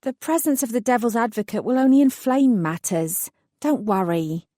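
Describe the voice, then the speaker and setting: Brief: woman reading a plucky young fairy godmother, mellow and dry, storybook heroine. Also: a little high, normal speed, no room sound, voice pushed up, lightly acted. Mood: reassuring.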